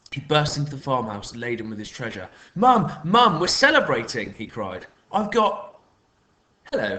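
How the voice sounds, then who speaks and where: A man, a teacher reading a children's story aloud in an expressive, lively way. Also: mid-range voice.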